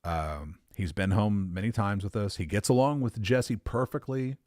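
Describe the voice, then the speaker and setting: Telling a meandering personal story, this podcast host has a very low, deep voice that is a little mellow and moves at a moderate pace. He keeps correcting himself, swears casually and laughs at himself, all captured close and dry with no echo.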